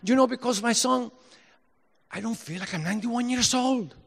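A man voicing his ninety-one-year-old Cuban father, wistful and amazed at how fast life went, in slightly broken English. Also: very high-pitched, creaky, husky, long reverb tail, voice pushed up, full character voice.

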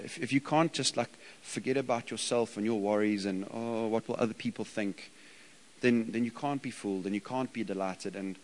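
A man's voice: on the low side, rough recording. A man in his thirties preaching in an informal, conversational way, with frequent fillers and restarts. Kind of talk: conversational sermon.

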